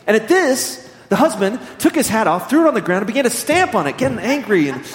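A man preaching to a congregation, spinning stories with humor and energy. His voice sits fairly high. Long hall reverb trails each phrase. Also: quick pace. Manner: animated storytelling, humorous. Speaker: pastor. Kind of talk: sermon.

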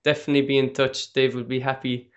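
A man's voice: medium pitch, level tone, quick pace, dull audio. A man hosting an interview show, wrapping up with encouraging remarks to his guest. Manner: encouraging, brief affirmations. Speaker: podcast host. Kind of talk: casual interview chat.

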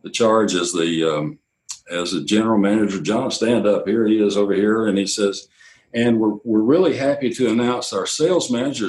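An older man, a radio executive telling anecdotes in an interview, quoting others in lively bursts. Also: lowish voice, moderate pace, a little hiss or hum, rough recording. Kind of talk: storytelling interview.

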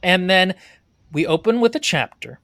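A woman co-hosting a book club podcast, talking casually in a blunt, wry manner with quick jokes. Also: lowish voice, expressive, no room sound, clean studio sound.

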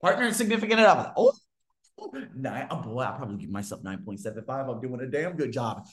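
A man telling stories to his viewers in a casual monologue, swearing freely and swinging widely in pitch and loudness. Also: fast, background noise. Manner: profane, animated, big swings in pitch and loudness. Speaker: vlogger. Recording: echoey room.

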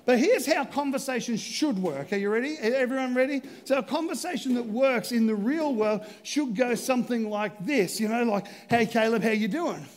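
A man's voice: very high voice, moderate pace, hardly any pauses, big-room sound. A man preaching a humorous sermon as pastor, chatty and self-deprecating as he jokes with the congregation from a church stage.

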